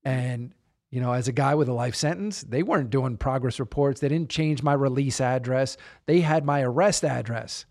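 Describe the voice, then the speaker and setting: A man's voice: mid-range voice, normal speed. A man, a guest on an interview podcast, tells a personal story conversationally and acts out the quotes as he goes. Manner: animated retelling, acts out quotes.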